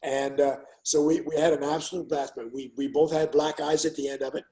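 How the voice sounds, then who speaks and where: An older man, once a fighter, tells stories in a casual interview, his voice on the high side and fairly quick. He's an animated storyteller who acts out what people said, delivering the quotes loudly. The recording is rough.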